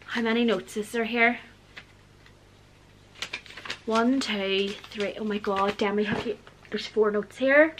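A woman, gushing excitedly through a casual gift unboxing vlog as a book vlogger. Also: medium pitch, slow pace, long pauses, a little hiss or hum. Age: 40s. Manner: gushing and excitable, frequent gasps and squeals.

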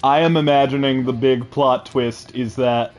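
A man's voice: medium pitch, fairly even intonation, a little slow, faint music behind. A man streaming a card game, joking with friends in casual chat. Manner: playful, jokey, bursts into sung theme lines.

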